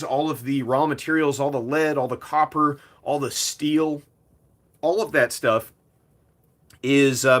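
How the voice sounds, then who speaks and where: A man's voice: on the high side, a bit bright. A man hosting a casual commentary video, talking in a loose, conversational way with frequent filler words. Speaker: host.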